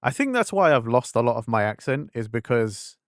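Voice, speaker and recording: A man's voice: mid-range voice, very animated, fairly quick, dry recording, clean studio sound. A young man from England, his English accent fading toward London, chatting casually and rambling on a gaming stream. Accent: fading English, London-leaning. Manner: rambling, filler-heavy, self-interrupting.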